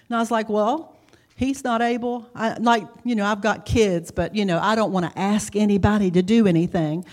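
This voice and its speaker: A woman's voice: mid-range voice, darkish tone. Woman, middle-aged, church testimony, chatty, laughs a lot, self-mocking. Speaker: speaker giving a testimony.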